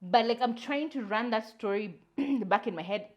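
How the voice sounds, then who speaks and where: Animated young woman telling a story. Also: on the high side, moderate pace, dull audio. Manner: animated storyteller, slips into Swahili, acts out quotes. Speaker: podcast co-host. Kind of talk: casual storytelling chat.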